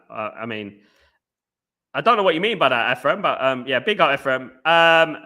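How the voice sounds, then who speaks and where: A man from England hosting a casual live football fan stream. He gives animated shout-outs to viewers and rambles with frequent restarts. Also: mid-range voice, normal speed. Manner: animated, greets viewers by name with "big up". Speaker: football fan channel host.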